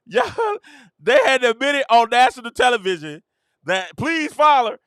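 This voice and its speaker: Excitable high-voiced man ranting about sports. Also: moderate pace, clean tone, no echo, studio quality. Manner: excitable, shouts and laughs, talks to viewers as y'all. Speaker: sports reaction host. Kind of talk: animated sports reaction rant.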